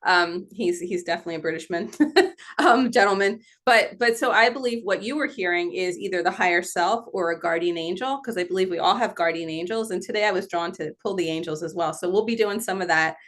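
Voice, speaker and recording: A woman's voice: lowish voice, a little fast. A woman medium hosting a live online session, talking casually and laughing often, heard over a video call. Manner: chatty, animated, laughs often. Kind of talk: casual live-stream talk.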